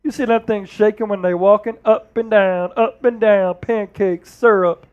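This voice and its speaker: A man's voice: high-pitched, steady tone, moderate pace, smooth, highs cut off, close to an everyday voice. A man doing an impression of a boastful older basketball analyst, drawling and rambling. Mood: crude. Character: impression of a famous retired basketball star turned TV analyst, man, 60s, brash.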